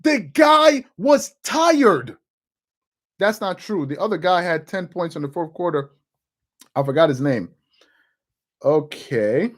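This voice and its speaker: A man's voice: on the high side, a little slow, long pauses. A man hosting a live sports talk stream, talking through his notes, repeating words as he goes and answering chat comments. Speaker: sports talk show host.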